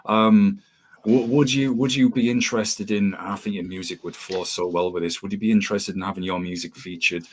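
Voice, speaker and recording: A man's voice: lowish voice, fairly even intonation, brisk, a little hiss or hum. A man hosting a podcast interview, rambling with lots of ums and restarts over a video call. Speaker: podcast host. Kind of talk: casual interview chat.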